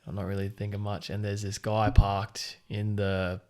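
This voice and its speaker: A man's voice: lowish voice, normal speed, smooth. Young Australian man telling a story. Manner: swears a lot, animated storyteller. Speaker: podcast co-host. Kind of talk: casual storytelling chat.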